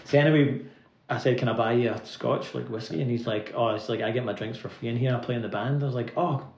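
Gravelly Scottish man telling stories. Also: medium pitch, darkish tone. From Scotland. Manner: rambling anecdotes full of "like" fillers, quick to laugh. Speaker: guest musician. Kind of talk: casual storytelling interview. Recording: roomy, slightly dull recording.

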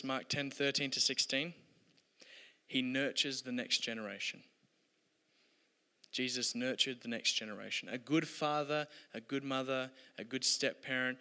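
A man delivers a sermon in an earnest, storytelling way, his voice bright and clear. He lets each point fade to a soft close, and the sound rings with the long reverb of a church hall. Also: medium pitch. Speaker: pastor.

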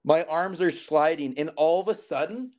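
Animated storytelling man, higher voice. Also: normal speed. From southern Alberta, Canada. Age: 30s. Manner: animated, acts out quoted dialogue. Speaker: podcast guest. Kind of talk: casual storytelling.

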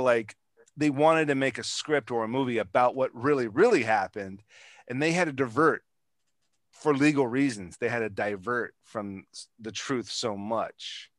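Dude chatting casually, swears a lot, rambles, dry sound. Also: male voice, medium pitch, fairly bright tone, dry recording. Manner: profane, rambling, lots of restarts and fillers. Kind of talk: casual chat.

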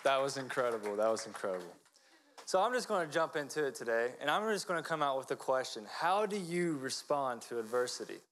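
A man's voice: medium pitch, expressive, fairly quick, fairly bright tone, slight background noise. A man starting his sermon, direct, opening with a question to the audience. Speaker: next speaker at a church event.

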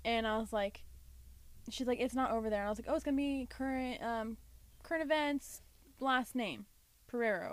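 Higher-voiced woman, dry retelling. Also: no room sound. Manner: dry retelling, quoting a customer. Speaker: podcast co-host. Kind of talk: casual chat, storytelling.

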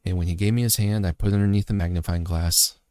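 Man with a very low voice, earnest faith talk, reflective, repeats himself, dry close sound. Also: fairly even intonation, fast talker, warm tone, no echo. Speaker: father telling a personal story.

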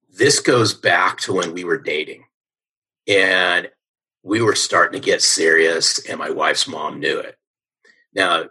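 A middle-aged sales coach, appearing as a podcast guest, tells stories with energy and emphasis, frequently asking "right?". His low voice is bright and forceful with a breathy edge. The audio quality is poor.

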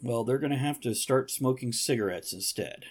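A man's voice: mid-range voice, moderate pace. A man co-hosting a casual chat show, joking and laughing often. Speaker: co-host.

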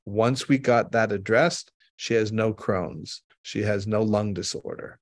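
A man's voice: on the low side, unhurried, no echo. Earnest man host, dry close voice. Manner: earnest, explanatory, tells personal stories. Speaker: podcast host. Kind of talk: conversational storytelling.

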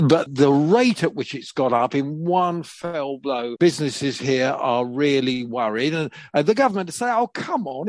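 Older man, podcast co-host, chatty and wry, slightly high voice, dry close mic. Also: no room sound, rough recording. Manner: chatty, laughs wryly, restarts phrases. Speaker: podcast co-presenter. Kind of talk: casual chat.

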